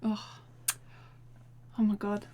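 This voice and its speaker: A woman's voice: slow pace, dark tone, lo-fi sound, slight background noise. A woman playing a tabletop game, anxious and hesitant as she speaks for her character. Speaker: player. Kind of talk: casual tabletop game play.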